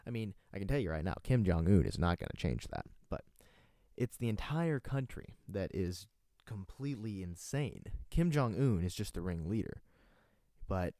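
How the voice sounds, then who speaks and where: A young man hosts a casual livestream, rambling from topic to topic and reading chat aloud. His voice is low and mellow, with a self-deprecating ease. The recording is dry and close. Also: sing-song, moderate pace, dry recording. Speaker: livestream host.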